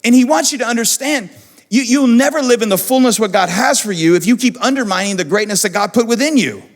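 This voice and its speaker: A man preaching as pastor, animated and repeating phrases for emphasis, in a church auditorium. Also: extremely high pitch, fast talker. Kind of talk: sermon. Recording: long church hall reverb.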